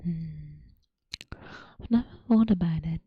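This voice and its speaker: A woman chatting with viewers in a soft, breathy ASMR whisper. She talks slowly and murmurs, often repeating her phrases. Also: low-pitched, narrow, tinny audio, very noisy. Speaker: ASMR streamer. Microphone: close mic.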